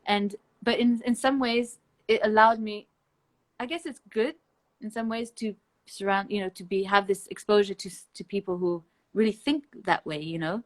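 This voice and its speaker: A woman's voice: medium pitch, fairly even intonation, normal speed. A woman speaks as a guest in a loose live-stream conversation. Her talk is blunt and emphatic, with free swearing. She laughs between her points. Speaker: interview guest.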